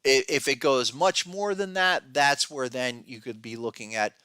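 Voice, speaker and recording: A man's voice: medium pitch, moderate pace, pushed and bright, clean tone, no echo, clean studio sound. A male podcast host giving casual market commentary in an emphatic, restless way, often restarting sentences and tossing in asides. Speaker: podcast host, trading educator.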